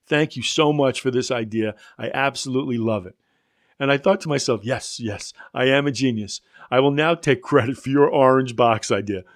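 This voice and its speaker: A man's voice: medium pitch, moderate pace. A man teaching a prospecting course, talking conversationally with blunt asides and stories. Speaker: sales trainer. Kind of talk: instructional talk to an audience.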